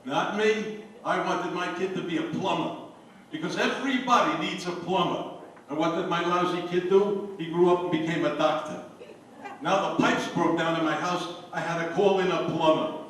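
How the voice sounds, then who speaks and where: An older man telling jokes to a party crowd, a lively storyteller who hollers his punchlines. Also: sits high, moderate pace. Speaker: joke teller at a party. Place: anniversary party. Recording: echoey room, voice from far off, faint noise.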